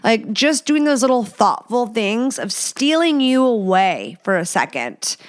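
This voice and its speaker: Here a podcast host speaks in a slightly high, very animated voice, taking her time. She fields listener questions with blunt candor, swearing freely and filling her chatty talk with lots of fillers.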